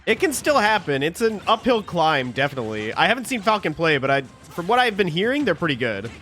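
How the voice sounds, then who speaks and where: Man, esports color commentator, animated, bright tone, easygoing, analytical, headset. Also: high voice, fairly quick, faint music behind. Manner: easygoing, analytical, explains the rules.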